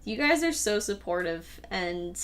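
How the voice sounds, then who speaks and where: A woman's voice: medium pitch, big pitch swings, unhurried, a bit bright. Chatty woman hosting a livestream Q&A. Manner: chatty, rambling with fillers and laughs. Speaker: host and creator of the audio drama. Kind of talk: casual livestream Q&A chat.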